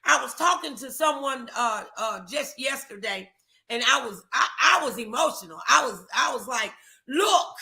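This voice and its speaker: A woman's voice: a little high, expressive, normal speed, creaky, sharp tone. A woman co-hosting a podcast, giving emphatic faith-based advice, repeating her phrases. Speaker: podcast co-host.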